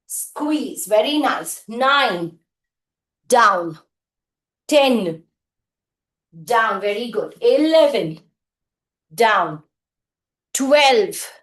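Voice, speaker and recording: A woman's voice: a little high, expressive, drawn-out words, long pauses, fairly bright tone. A woman leading a live group workout, counting reps and giving short cues and praise. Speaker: fitness instructor. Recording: echoey room.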